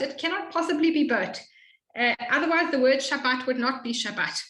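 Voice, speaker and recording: A woman tutoring a student in Hebrew reading, explaining patiently and slowly modeling each sound. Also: high-pitched, lively intonation, pushed and bright, roomy sound, rough recording. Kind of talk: one-on-one reading lesson.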